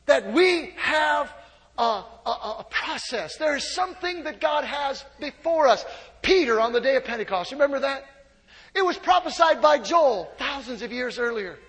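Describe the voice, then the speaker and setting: High-voiced shouting preacher in a reverberant hall. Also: male voice, animated, normal speed. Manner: preaching with swings from hushed to shouting; humorous asides and laughter. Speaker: pastor. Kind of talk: sermon. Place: church sanctuary.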